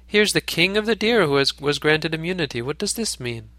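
A man's voice: on the high side, lively intonation, fairly quick, sharp tone, dry recording. A man voicing a startled male royal cook in a storybook reading, exclaiming in surprise.

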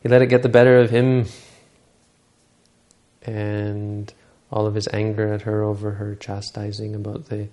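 A man giving a dharma talk, retelling a Buddhist story in a halting way with many restarts and self-corrections. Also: on the low side, completely flat delivery, mellow.

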